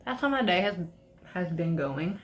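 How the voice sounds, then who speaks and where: A woman's voice: lowish voice, big pitch swings, moderate pace. A young woman beauty vlogger chatting casually through a makeup tutorial, rambling and swearing as she rants. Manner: profane, ranting, rambling.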